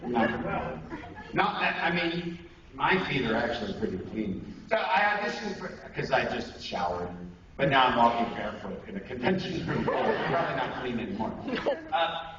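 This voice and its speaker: Man, voice actor running a convention workshop, joking, self-deprecating, rambling, middle pitch, very echoey room, far off. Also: big pitch swings, normal speed, highs cut off, crowd noise. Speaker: voice actor leading an acting workshop. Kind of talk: casual convention workshop talk.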